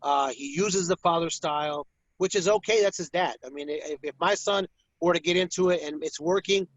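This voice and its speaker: At a moderate pace and in a slightly high voice, a boxing ring announcer shares animated stories in a casual interview, voicing the fighters himself. The lo-fi audio is dull and dry, with no echo.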